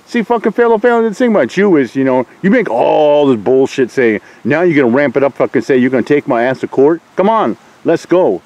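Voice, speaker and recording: A man's voice: on the high side, lively intonation, brisk, hardly any pauses, darkish tone, rough recording. A middle-aged man ranting at his online critics, taunting and swearing with mocking laughs. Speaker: YouTuber ranting at trolls. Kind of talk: profane rant to camera.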